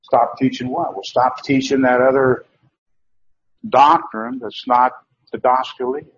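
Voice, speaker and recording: A man preaches with emphatic insistence, circling back and repeating himself as he restarts his sentences. His voice sits at a medium pitch. The recording sounds muffled and echoes around the room. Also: level tone, unhurried, a little hiss or hum. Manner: emphatic, repetitive, with many restarts and fillers. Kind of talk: sermon. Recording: dull, roomy sound.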